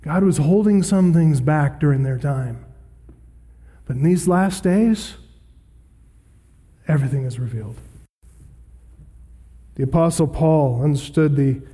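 A man preaching an expository sermon as pastor, emphatic and slowing down to stress scripture quotations. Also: sits high, mellow.

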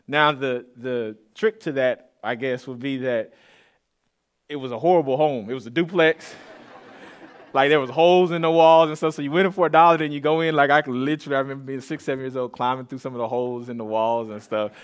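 A man from east Austin preaching a sermon to his congregation, telling stories in a relaxed, conversational way with asides. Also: medium pitch, brisk, clear, resonant tone. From east Austin, Texas. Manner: conversational, storytelling, with asides and laughs. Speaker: pastor. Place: church sanctuary.

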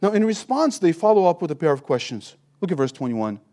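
A man's voice: on the high side, very animated, fast, warm tone. A man preaching an expository sermon, teaching with emphasis and rhetorical questions. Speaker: pastor.

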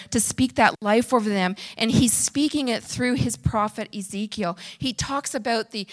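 Woman retreat speaker, sermon, fairly high voice, earnest and emphatic delivery. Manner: earnest, emphatic, drops to a hush for prayer.

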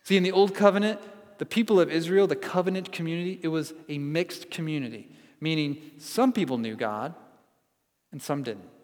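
Male pastor preaching, bit higher voice, earnest and punchy, long church reverb. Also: normal speed. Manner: earnest, building to emphatic repetition. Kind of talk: sermon.

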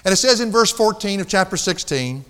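A man's voice: high voice, lively intonation, a little fast, clean tone, long reverb tail. A man preaching a sermon, emphatic, drawing out key words and laughing at his own stories. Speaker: pastor. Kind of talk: expository sermon.

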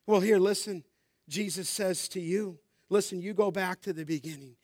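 A man's voice: high-pitched, normal speed, a little mellow, no room sound, studio quality. A middle-aged male pastor preaching a sermon, passionate and conversational, telling personal stories and building to emphatic calls. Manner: passionate, rising to emphatic exhortation; storytelling, conversational asides.

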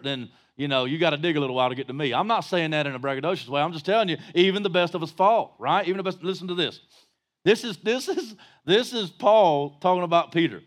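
High-voiced joking male preacher. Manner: folksy, joking preaching that rises to shouts. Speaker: pastor. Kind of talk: sermon.

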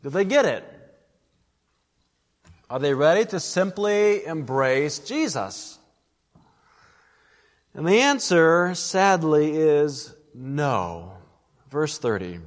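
A man's voice: on the high side, sing-song, takes it slowly, long pauses, in a large hall. A man preaching an expository sermon, earnest and emphatic, often addressing his listeners as friends.

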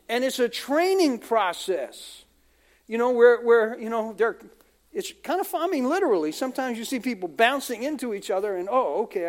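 A man from the United States, a pastor preaching a conversational sermon full of asides and acted-out quotes. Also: very high voice.

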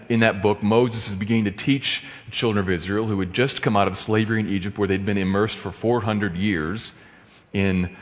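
A man preaching a sermon, swinging between quiet, measured teaching and impassioned exclamations and rhetorical questions. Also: fairly low pitch. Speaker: pastor. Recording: long hall reverb.

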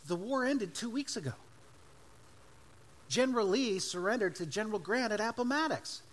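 A brisk, matter-of-fact cavalry captain, as a male preacher puts him on. He speaks with a raised, incredulous lift. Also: sits high, lively intonation, a bit bright, voice pushed up.

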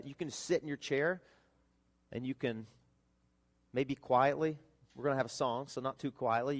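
Man preaching with animated, rising delivery. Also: fairly high pitch. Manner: animated preaching, rising and falling between loud and hushed. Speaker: pastor. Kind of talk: sermon. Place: church service.

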